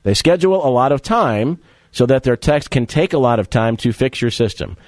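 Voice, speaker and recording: A man's voice: mid-range voice, expressive, a little mellow, no echo. Chatty male radio host, dry studio sound. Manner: chatty, jokey, spells words out slowly. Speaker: radio sports talk host. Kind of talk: casual radio chat and live read ad.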